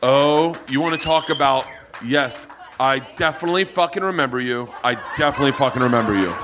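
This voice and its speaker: A man hosting a live podcast, telling swearing, animated stories and acting out the voices of the people in them. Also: mid-range voice, a little fast, background noise. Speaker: comedian podcast host. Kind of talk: storytelling to a live audience. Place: bar with live audience.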